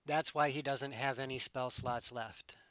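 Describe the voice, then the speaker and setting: Bright-voiced man running a tabletop game. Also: medium pitch, fairly even intonation, a little slow, dry recording. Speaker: game master. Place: home room.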